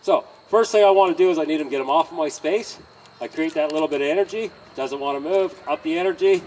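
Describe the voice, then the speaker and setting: A man teaching horse handling outdoors by a trailer, in a calm coaching manner with frequent okays and chuckles. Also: on the high side, fast, recorded from a distance, slight background noise, low-quality recording. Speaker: horse trainer. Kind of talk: hands-on training demonstration.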